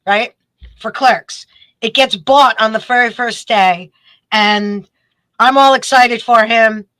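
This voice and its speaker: A woman, a guest telling a story in casual chat, animated and quick. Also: on the high side, no room sound, poor audio. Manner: animated, quick storytelling with bursts of acted quotes.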